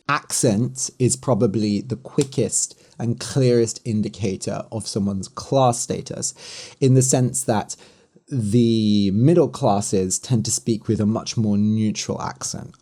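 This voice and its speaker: A man's voice: lowish voice, mellow. A man from the West Country with a Southern Standard British English accent. He hosts a podcast, explaining things to English learners in a chatty, frank way with many fillers. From West Country, England. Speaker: podcast host.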